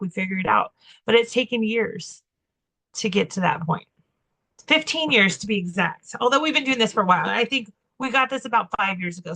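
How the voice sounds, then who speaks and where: A woman talking candidly and expressively about her own reactions, in a relaxed conversation over a video call. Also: mid-range voice, creaky. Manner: expressive, candid, self-reflective. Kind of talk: casual conversation.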